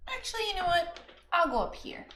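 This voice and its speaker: A woman's voice: very high-pitched, very animated, a little fast, fairly bright tone. A woman chatting casually while playing a board game, giggling often and counting aloud. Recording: echoey room with clear background noise.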